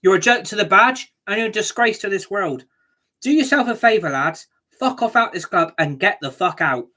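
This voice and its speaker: A woman's voice: medium pitch, expressive, normal speed, bright, forceful tone. A woman ranting angrily as a football fan reacting to a match, sweary and scornful.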